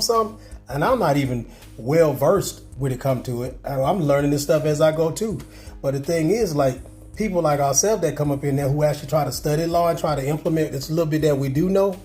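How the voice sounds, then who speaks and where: Casting note: man, channel host, slightly higher voice, emphatic slangy chat, faint music behind. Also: warm tone. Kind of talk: casual call recording.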